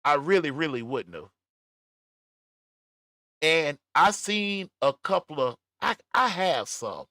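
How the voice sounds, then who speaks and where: A middle-aged man hosting a casual livestream, reading chat comments aloud with laughter and drawn-out emphasis. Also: on the high side, very animated, pushed and bright, dry recording, studio quality. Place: at home, smoking a cigar.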